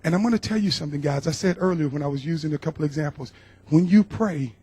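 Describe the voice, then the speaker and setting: A man's voice: a little high, fast, warm tone, husky. A middle-aged man from Georgia tells a personal testimony to a church congregation. He speaks earnestly and emotionally and often repeats his words. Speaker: guest speaker.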